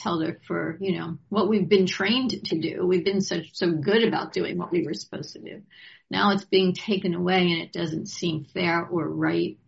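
Woman, lowish voice with vocal fry, reflective, casual chat. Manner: reflective, laughs often. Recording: slightly dull lo-fi sound.

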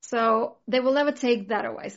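A woman's voice: on the high side, moderate pace, highs cut off. A woman in casual conversation, talking earnestly and reflectively, with many "like" fillers. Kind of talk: casual chat.

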